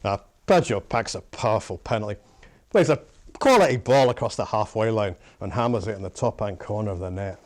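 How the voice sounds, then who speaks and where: A man doing an impression of a Scottish football pundit with a Scottish accent, reading out brisk match commentary. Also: lowish voice, animated, natural voice. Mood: commentating.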